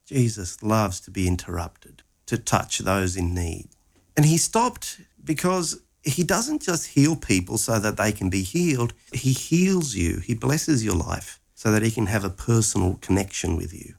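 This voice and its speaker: A man's voice: on the low side, sing-song, a little slow, gravelly, darkish tone. A man retelling a Gospel story conversationally, acting out its lines with animation.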